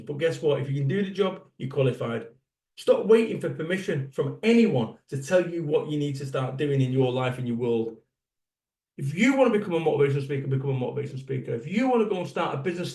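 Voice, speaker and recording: A man's voice: fairly high pitch, lively intonation, fast, a little mellow. Blunt man giving a fired-up keynote. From Salford, England. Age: 50s. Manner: blunt, swearing, punchy rhetorical questions. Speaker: motivational speaker. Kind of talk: motivational keynote speech. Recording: echoey hall, voice from a distance.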